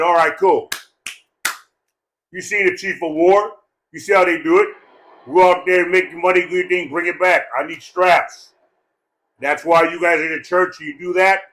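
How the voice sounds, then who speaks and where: Rowdy, profane man giving a eulogy. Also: fairly high pitch. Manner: profane, loud and jokey, breaks into laughter. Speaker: speaker at a memorial gathering. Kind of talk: rambling, joking eulogy speech.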